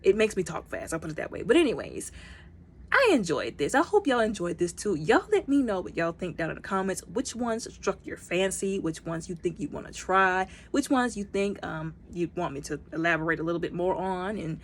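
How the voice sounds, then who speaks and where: Woman doing a chatty snack review, kinda low voice, talks fast, rambles a lot. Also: very animated, a little hiss or hum. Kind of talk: casual product review.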